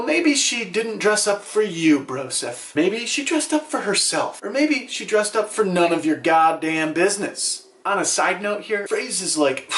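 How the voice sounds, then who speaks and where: Speaking straight to camera, a vlog host with a fairly high, slightly bright voice hands out advice in a playful, sarcastic, somewhat preachy manner. He is very animated at a moderate pace, and his voice echoes as if in a bare room, with a little hiss or hum.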